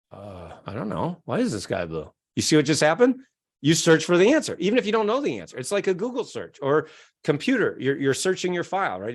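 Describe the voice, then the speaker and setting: Lively middle-aged man explaining with gusto. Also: a little high. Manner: acts out quoted voices, chuckles often. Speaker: guest, self-help author and keynote speaker. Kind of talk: animated interview explanation.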